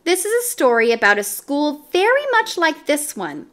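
A woman's voice: high voice, very animated, normal speed, fairly bright tone, voice pushed up. A woman doing Louis, the friendly storytelling yard teacher. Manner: patient storytelling to children.

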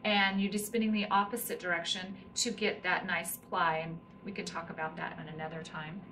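A woman's voice: fairly low pitch, flat delivery, a little fast, pushed and bright. A middle-aged woman teaching hand spinning, explaining each step while she demonstrates with her hands. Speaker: spinning instructor. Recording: slightly distant mic with faint room noise.

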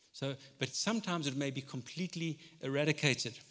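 A man preaching a sermon as pastor in a conversational way, swinging between loud and soft passages. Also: medium pitch, fast, hardly any pauses. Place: church hall. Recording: long hall reverb.

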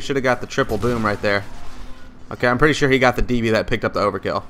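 Excitable, foul-mouthed gaming commentator, male. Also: medium pitch, quick pace, faint music behind. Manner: excitable, profane trash talk; loose, rambling, jokey. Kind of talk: live gameplay commentary.

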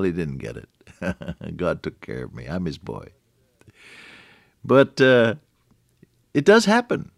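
A man's voice: on the low side, vocal fry, no echo, studio quality. Older man preaching a folksy radio sermon. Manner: folksy, chuckling, many restarts.

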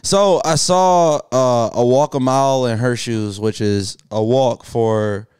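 A man co-hosting a podcast in casual chat, animated and joking with frequent laughter. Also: mid-range voice, slow pace, clear, resonant tone, no echo, clean studio sound. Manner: loud, animated, laughs a lot while joking. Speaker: podcast co-host.

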